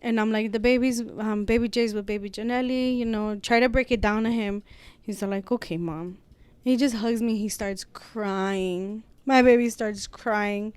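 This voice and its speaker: A woman's voice: medium pitch, fairly even intonation, normal speed, a little mellow, clear, resonant tone, no echo. A young adult woman talking as a guest, telling a personal story frankly, swearing freely and mixing in Spanish phrases. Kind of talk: casual heartfelt storytelling.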